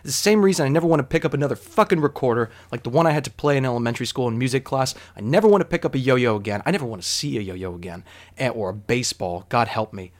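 A man recounts a comic personal story, mocking himself and swearing freely. His voice sits at an ordinary pitch for a man, but he swings between hushed asides and loud bursts. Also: expressive, racing.

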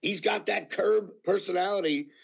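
A male actor telling anecdotes in a casual interview, animated and full of fillers, acting out what people said. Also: sits high, normal speed, creaky, slightly rough. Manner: animated storyteller with many fillers, acting out quotes. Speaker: actor guest.

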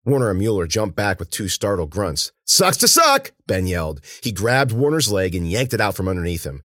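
A man voicing a brave young man yelling in danger. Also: deep voice, fairly quick, no room sound, studio quality. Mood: urgent.

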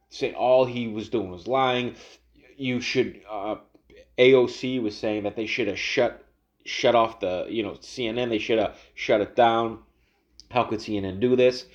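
A man's voice: medium pitch, a little slow, darkish tone, highs cut off. A man ranting casually about politics, rambling and swearing, with lots of restarts and fillers. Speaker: political commentary vlogger.

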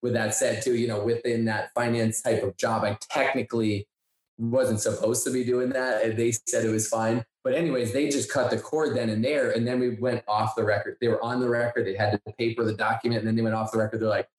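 A man co-hosting a podcast, telling a story in a casual, animated way and acting out the dialogue he quotes. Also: mid-range voice, fairly quick. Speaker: podcast co-host. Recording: echoey room.

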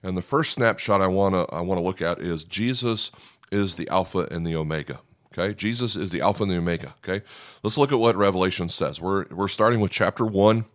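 Deep-voiced preacher, conversational. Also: male voice, brisk. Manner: conversational, frequent "okay?" check-ins. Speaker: pastor. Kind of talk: sermon teaching.

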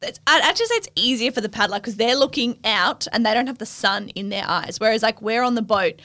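A woman's voice: a little high, animated, fast talker, bright, forceful tone. A young Australian woman co-hosting a podcast, telling a story animatedly and laughing often. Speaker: podcast co-host. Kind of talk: casual chat.

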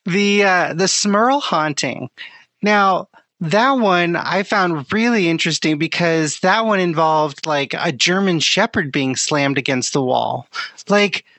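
A man's voice: fairly high pitch, lively intonation, slow, bright, forceful tone, no room sound, low-quality recording. Easygoing curious man co-hosting a podcast. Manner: easygoing, curious, thinks aloud with fillers. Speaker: podcast co-host. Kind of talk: casual podcast chat.

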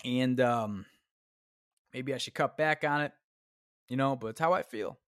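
A man with a medium-pitched voice hosts a solo podcast, talking a little slowly in a dry, clean studio recording. He rants casually, swears constantly, and keeps wandering off on tangents, interrupting himself as he rambles.

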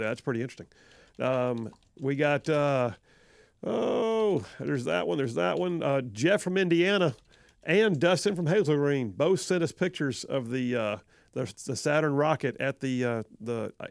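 Gravelly-voiced Southern radio host. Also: male voice, a little high, animated, moderate pace, no echo, studio quality. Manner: chatty, self-deprecating, laughs often. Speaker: radio talk show host. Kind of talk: casual call-in radio talk. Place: radio studio. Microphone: studio microphone.

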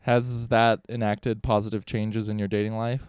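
A young man co-hosting a podcast in casual chat, with an expressive delivery. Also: lowish voice, moderate pace, clean tone, no room sound, clean studio sound. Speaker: podcast co-host.

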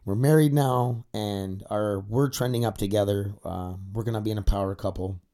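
Man, young adult, confessional vlog, candid, swearing, rambling, tearful at times, warm low voice. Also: normal speed. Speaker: podcaster. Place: indoor studio set facing a camera.

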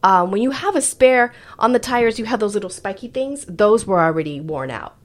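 A woman co-hosting a podcast, telling a story in a blunt, animated way and dropping in Spanish phrases. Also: medium pitch, moderate pace. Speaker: podcast co-host. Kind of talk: casual storytelling chat.

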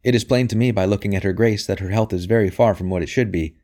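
A man's voice: on the low side, warm tone, natural voice. A man reading a modest young priest. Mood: measured. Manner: modest and measured.

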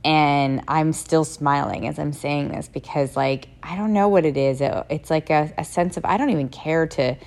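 A woman's voice: sits low, normal speed, creaky, few pauses, darkish tone. A young woman hosting a podcast, talking candidly and rambling in a personal monologue, swearing freely. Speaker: podcast host.

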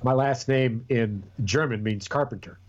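A man holding forth in casual podcast chat, swearing freely and restarting his sentences as he rambles. His voice sits at an ordinary middle pitch, and the recording sounds a little dull and lo-fi. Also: a little slow. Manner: profane, rambling, with many restarts. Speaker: podcast co-host.

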